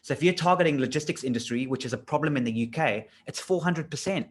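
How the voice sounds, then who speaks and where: A middle-aged man teaches in a relaxed, chatty coaching style. His tone is keen and animated, and he drives home his points with rhetorical questions. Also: a little high, fast talker. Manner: enthusiastic, conversational, pushes points with rhetorical questions. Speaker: LinkedIn trainer. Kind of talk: casual coaching lesson.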